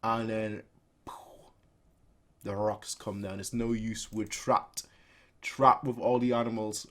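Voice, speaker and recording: A man hosting a casual reaction video who reads a manga aloud and makes his own sound effects in an animated way. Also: fairly low pitch, slow pace, long pauses. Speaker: reaction channel host.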